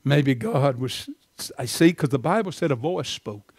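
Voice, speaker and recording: A man preaching a sermon from the pulpit, swinging from loud, impassioned lines to soft, quiet ones. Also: mid-range voice, animated, unhurried, slightly rough, dry recording, clean studio sound. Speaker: pastor.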